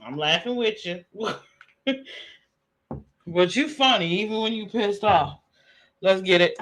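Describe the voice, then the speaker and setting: A man streaming casual commentary, relaxed and slangy, laughing often as he reacts to a clip. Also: sits high, slow pace. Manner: laid-back, laughing, slangy banter. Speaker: streamer reviewing a live stream.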